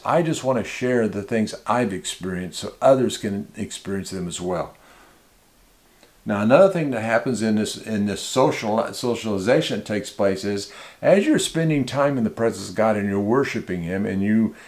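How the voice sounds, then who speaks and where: Speaking to a small congregation, a male pastor with a lowish, darkish-toned voice gives a relaxed, conversational sermon. He often restarts his sentences and repeats words as he teaches.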